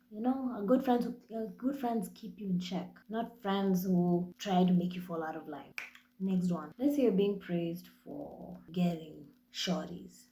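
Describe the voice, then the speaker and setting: Speaking directly into her podcast mic, a young Kenyan woman delivers a casual monologue, blunt and cheerfully profane. Her mid-range voice is mellow and a little dark, unhurried yet lively and animated as she tells stories, with noticeable echo in the room.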